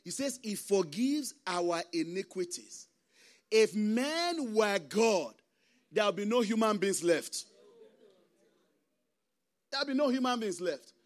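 A man, a pastor preaching a sermon with impassioned swings between loud emphasis and hushed asides. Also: sits high, animated, measured pace, pauses often. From Nigeria.

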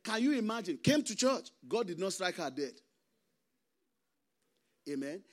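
Pastor guy, high voice, preaching hard, goes loud then drops real quiet. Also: big pitch swings, measured pace. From Nigeria. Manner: impassioned preaching that swings between loud emphasis and hushed asides. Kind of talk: sermon.

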